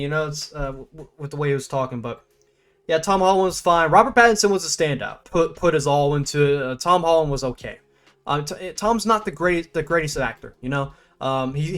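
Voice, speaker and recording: Rambling young man reviewing a film. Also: a little high. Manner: rambling, stop-start, many fillers and restarts; laughs often, animated bursts. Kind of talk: casual spoken movie review.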